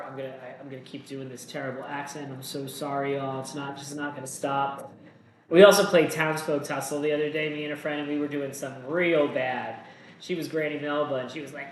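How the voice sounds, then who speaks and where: A man hosting a solo board game playthrough, reading the story text aloud and then thinking out loud about his moves in a casual, self-deprecating way. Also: a little high, reverberant, slight background noise, poor audio.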